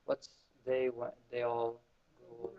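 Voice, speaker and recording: A man with a medium-pitched, completely flat voice speaks slowly as he teaches beginners Arabic in a classroom. He drills the students with call and response. The classroom recording is muffled and lo-fi.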